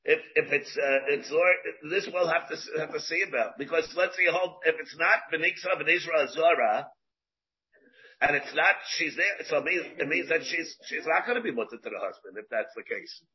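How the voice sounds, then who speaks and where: A man's voice: fairly high pitch, normal speed, breathy edge. A man, a rabbi giving a Talmud class, who asks rhetorical questions, repeats his phrases and mixes in Hebrew terms, on a dull lo-fi recording.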